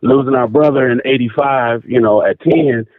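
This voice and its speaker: A man calling in to a radio talk show, telling a personal story in a casual, animated way and repeating phrases for emphasis. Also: medium pitch, normal speed, no room sound. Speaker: caller. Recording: tinny phone line.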